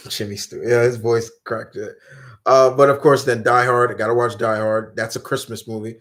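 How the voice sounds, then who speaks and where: A man's voice: medium pitch, moderate pace, creaky. Rambling man chatting on a live Q&A. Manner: rambling and animated, with many fillers and restarts. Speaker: host. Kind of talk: casual live Q&A chat.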